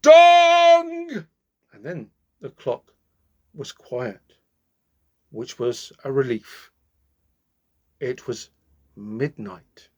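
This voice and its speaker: A man reading a fairy tale aloud, with slow, expressive pacing and dramatic pauses. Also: mid-range voice, breathy edge, muffled recording. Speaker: storyteller.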